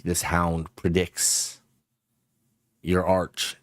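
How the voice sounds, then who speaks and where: A man narrating as game master of a tabletop game, unhurried and descriptive, with frequent ums. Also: low voice, no echo, clean studio sound.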